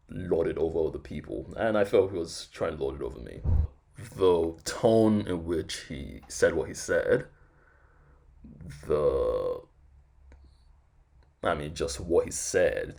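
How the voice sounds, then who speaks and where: A man's voice: low voice, creaky, husky. A man telling a casual story on his podcast, laid-back and chuckling as he recounts it. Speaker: podcast host.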